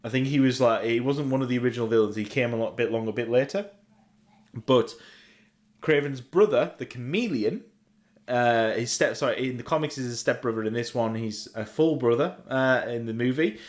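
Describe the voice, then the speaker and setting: A man's voice: medium pitch, fairly quick. Rambling middle-aged Australian man. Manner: rambling, eager comic-book fan. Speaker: podcast co-host. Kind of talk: casual podcast chat.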